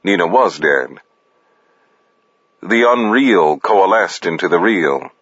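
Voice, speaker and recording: A man narrating fiction in an expressive, deliberate manner. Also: low voice, no room sound, dull audio. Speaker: audiobook narrator.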